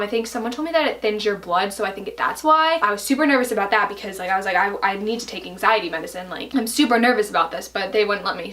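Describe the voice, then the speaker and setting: A woman's voice: mid-range voice, fairly bright tone, far from the mic. A young woman vlogger telling a personal story to camera in a chatty way, full of fillers and "like". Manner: chatty, fillers, many likes.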